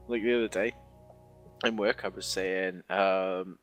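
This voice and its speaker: Lively rambling young man chatting. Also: low voice, moderate pace, no echo, faint music behind. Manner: rambling, laughs often, blurts things out. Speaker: podcast co-host. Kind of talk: casual chat.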